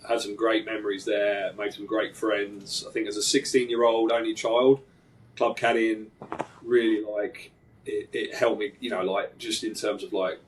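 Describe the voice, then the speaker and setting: A man from England speaking low and flat, telling his background plainly and without fuss. He sits some distance from the mic, so his voice sounds set back. The chat is casual and even. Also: normal speed, a little hiss or hum. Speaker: caddie guest.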